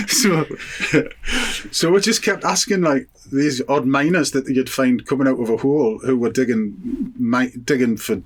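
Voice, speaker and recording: A man's voice: mid-range voice, measured pace. Laughing middle-aged man telling road stories. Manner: rambling, laughing storyteller with many restarts. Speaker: podcast guest, TV cook and biker. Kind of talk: casual anecdote telling.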